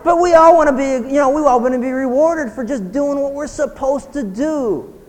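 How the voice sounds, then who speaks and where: A man pastor preaching a sermon, building from quiet talk to loud shouting and firing rhetorical questions. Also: very high voice, moderate pace, big-room sound.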